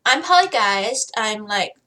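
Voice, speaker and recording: A woman's voice: fairly high pitch, expressive, measured pace, pushed and bright. A woman voicing a ditzy twenty-two-year-old party-girl ghost with a valley girl voice. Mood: bubbly. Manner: bubbly, airy, slangy.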